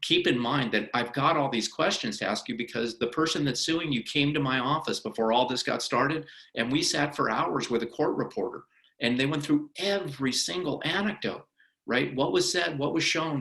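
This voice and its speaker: A middle-aged male attorney gives a workplace training in a lively, conversational way, now and then playing out courtroom questions. His voice is crisp and bright. The room carries a clear echo. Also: a little high. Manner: animated, acts out courtroom questioning. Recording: roomy echo of a meeting room.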